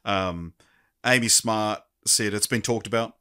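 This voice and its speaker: A man co-hosting a casual film review podcast, talking with many pauses and restarts. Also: lowish voice, bright, forceful tone, smooth. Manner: hesitant, many ums and restarts. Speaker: podcast co-host.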